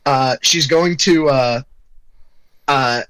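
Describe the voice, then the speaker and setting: A man explaining his game turn with a bright, forceful tone, going slowly with plenty of uh's. The sound is dry and close, with no room around it. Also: medium pitch, dry recording, rough recording. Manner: halting, full of uh fillers, laughing. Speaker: player. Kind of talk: playing a tabletop game.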